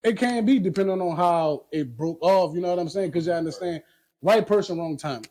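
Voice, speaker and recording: A man's voice: high-pitched, fairly quick, darkish tone. A man speaking emphatically in a casual podcast chat, often asking if you hear him.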